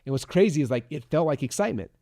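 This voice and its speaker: Fast-talking man in casual motivational talk. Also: on the high side, expressive, warm tone, no room sound, studio quality. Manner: rambling, frequent likes and restarts. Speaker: podcast host.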